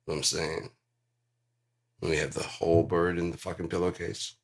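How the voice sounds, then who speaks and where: A man's voice: sits low, level tone, normal speed, creaky. A man rambling through a profane monologue, jumping between topics and mimicking other voices.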